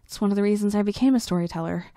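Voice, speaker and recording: A woman storyteller reading her own story aloud in an earnest, soft-spoken way. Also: medium pitch, racing, no room sound. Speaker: storyteller, narrator.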